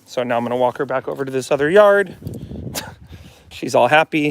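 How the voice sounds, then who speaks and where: A man's voice: mid-range voice, animated, moderate pace, slight background noise. A man talking as a dog trainer in a casual live demonstration, chatting to his viewers and coaxing a dog along. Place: at home with a dog, partly in the yard.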